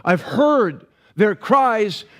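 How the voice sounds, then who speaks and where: A man's voice: sits high, very animated, drawn-out words, exaggerated voice. A man voicing God in a retold story, speaking in a casual, matter-of-fact and reassuring way. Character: God, a calm reassuring male voice.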